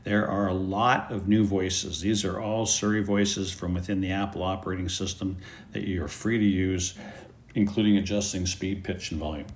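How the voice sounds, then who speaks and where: Male presenter, lowish voice, relaxed walkthrough of app settings. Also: moderate pace. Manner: easygoing step-by-step explaining. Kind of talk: screen-recorded app tutorial.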